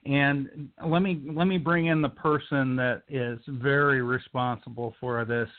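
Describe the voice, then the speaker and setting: A man's voice: medium pitch, steady tone, a little slow. Upbeat male radio host on a tinny line. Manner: upbeat, enthusiastic introductions. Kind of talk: casual call-in radio chat.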